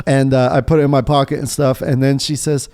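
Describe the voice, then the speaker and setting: A man's voice: medium pitch, little pitch movement, fairly quick, darkish tone. A man co-hosting a podcast, telling stories in casual chat, swearing freely and laughing often. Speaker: podcast co-host.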